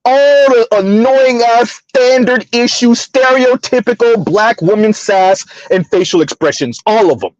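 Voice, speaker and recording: A man's voice: extremely high pitch, unhurried, few pauses, no echo. A man hosting a casual livestream, chatting with viewers, laughing often and stumbling over repeated words. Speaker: livestream host. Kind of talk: casual livestream commentary reading chat. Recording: dull lo-fi dry sound.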